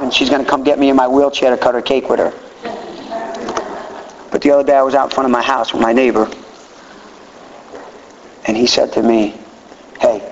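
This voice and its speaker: A middle-aged man gives a candid, plainspoken share at a recovery meeting, his voice at an ordinary pitch for a man. The sound is dull and lo-fi, with a long reverb from a big hall and a faint hiss underneath. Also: gravelly. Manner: animated, acts out quotes in a raised voice. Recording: roomy hall, dull lo-fi audio.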